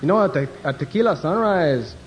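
A man's voice: a little high, lively intonation, fairly quick, long reverb tail, slight background noise, lightly acted. A man putting on a Mexican-accented passenger. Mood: earnest. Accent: put-on Mexican Spanish accent. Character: male airline passenger with a put-on Spanish accent. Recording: dull lo-fi old recording.

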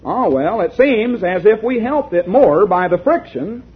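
A man reading aloud as a patient old medieval physician, in measured, earnest speech. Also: high voice, expressive, slightly rough, heavily acted. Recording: lo-fi tinny recording.

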